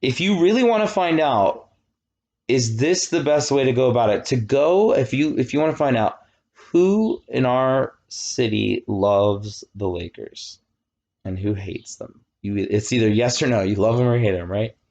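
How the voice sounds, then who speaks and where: A man in his thirties giving a casual, animated classroom lecture, often checking that students follow. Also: medium pitch, measured pace, highs cut off. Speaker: college lecturer.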